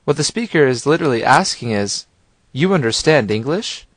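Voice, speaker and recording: Guy narrating a language lesson, calm clear instructions, dry close mic. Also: mid-range voice, moderate pace, no room sound. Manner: calm, clear and guiding, prompts the listener.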